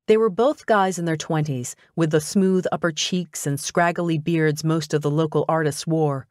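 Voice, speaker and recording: A woman reading a first-person audiobook in an expressive, conversational way. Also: sits low, moderate pace, no echo, studio quality. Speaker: audiobook narrator.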